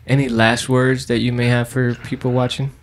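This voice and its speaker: A man interviewing a guest, asking short, soft-spoken questions. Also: medium pitch, little pitch movement, moderate pace.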